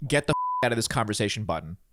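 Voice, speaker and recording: A man co-hosting a podcast, chatting casually and delivering dry, deadpan jokes. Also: on the low side, very fast, a little hiss or hum. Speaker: podcast co-host. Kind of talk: casual comedic chat.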